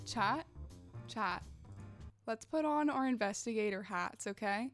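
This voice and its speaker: Female streamer, casual rambling chat, restless energy, slightly high pitch, light music bed. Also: a little slow, pauses often. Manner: bubbly, animated, rambling to chat. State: wired and restless after coffee. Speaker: livestreamer talking to chat. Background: faint background music.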